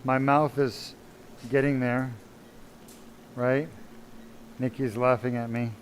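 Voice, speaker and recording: A male surgeon talks through a live operation, chatty and a little self-deprecating, with a voice of average pitch. Faint room noise hangs behind him in the operating room. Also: flat delivery, slow pace. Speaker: spine surgeon. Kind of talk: live narrated surgery stream.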